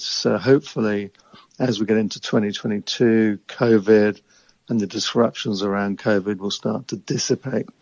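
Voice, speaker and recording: A man who invests in emerging market equities, answering interview questions in a measured, analytical way. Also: fairly low pitch, gravelly, a little mellow, no room sound, dull audio.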